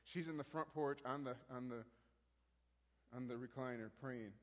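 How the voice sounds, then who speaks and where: A man telling a story in a rambling, halting way, full of restarts, as a minister sharing a testimony. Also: mid-range voice, long reverb tail.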